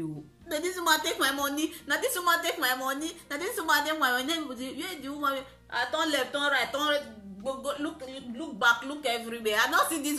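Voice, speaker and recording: Young Nigerian woman, vlogger, lively pidgin-laced storyteller; higher, sharp voice, echoey sound. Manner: animated storytelling, mixing pidgin and laughter. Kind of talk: story time vlog. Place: in a car.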